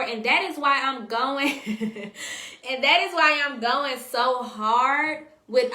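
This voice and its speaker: A high, bright-voiced woman hosts a casual stream, reading viewer comments aloud and chatting back with them. Her talk is slangy and direct, and the sound comes from an echoey room. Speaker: host.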